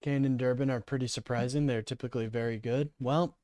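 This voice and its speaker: A man streaming live, reacting to a political clip with profane, sarcastic rants that drop into low mumbling. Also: steady tone, fairly quick, dark tone, no echo, clean studio sound.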